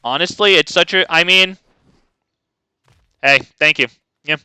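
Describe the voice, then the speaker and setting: A man's voice: fairly high pitch, a little slow, sharp tone, smooth, dry recording. A man streaming a card game, ranting casually and talking to his chat. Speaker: gaming streamer. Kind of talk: casual live gameplay commentary.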